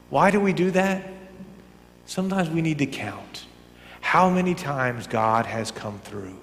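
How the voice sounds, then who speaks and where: A pastor with a fairly high voice delivers his sermon in a church sanctuary, where long reverb trails after every phrase. He talks conversationally, swinging from loud emphatic bursts down to quiet, almost whispered asides. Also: lively intonation, normal speed.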